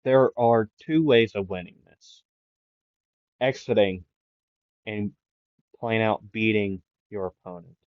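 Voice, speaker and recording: Guy doing a young hero boy in a fan story, lowish slow voice, kinda muffled. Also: no room sound. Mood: calculating. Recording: dull lo-fi sound.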